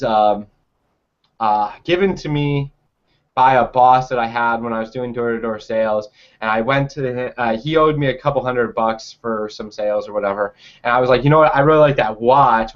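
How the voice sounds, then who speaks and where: A man's voice: mid-range voice, lo-fi sound. A young man telling a personal story in a casual, rambling way, full of fillers and restarts.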